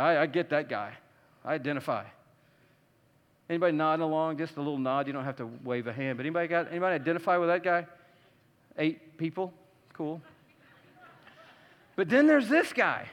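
A man preaching a sermon to a congregation, swinging from hushed tones to loud emphasis and acting out voices. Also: a little high, normal speed, long pauses, big-room sound. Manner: acts out quoted voices.

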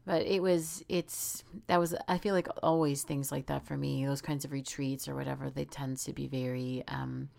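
A woman co-hosting a podcast and speaking as a mother, earnest and expressive in casual chat, often trailing off and restarting. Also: rumbling low, normal speed, gravelly, few pauses.

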